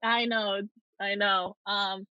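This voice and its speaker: A young woman, a podcast guest, telling a travel story in casual chat, animated, often laughing and acting out what people said. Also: mid-range voice, slow, smooth, no echo, highs cut off.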